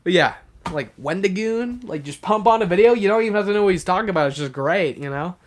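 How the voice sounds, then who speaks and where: A man's voice: sits high, expressive, quick pace. A young man hosting a casual livestream, rambling with lots of fillers as he talks to his chat. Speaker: livestream host.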